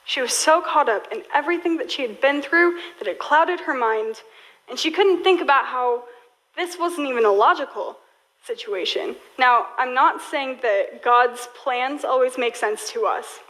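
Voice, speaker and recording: High-voiced young woman preaching casually. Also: normal speed, a bit bright, poor audio. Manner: casual storytelling with many "like" fillers. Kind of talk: sermon.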